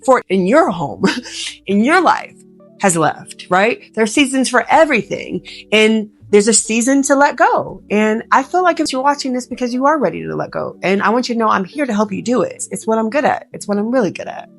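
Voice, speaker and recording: A woman, a professional organizer, giving earnest, emotional and gently reassuring advice straight to the viewer. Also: a little high, lively intonation, moderate pace, vocal fry, soft background music. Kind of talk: heartfelt direct-to-camera advice.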